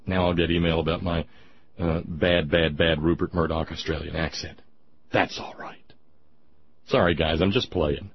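Husky, rambling male talk radio host. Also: low voice, fairly even intonation, moderate pace. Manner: rambling, sardonic, with many restarts. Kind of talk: political talk radio commentary. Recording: dull lo-fi broadcast sound.

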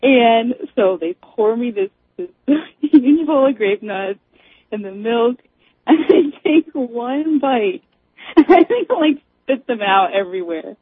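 A woman's voice: a little high, unhurried, husky, dry recording. A woman calling in to a radio show, telling a story with frequent laughs. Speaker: caller. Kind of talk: casual chat. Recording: tinny dry phone line.

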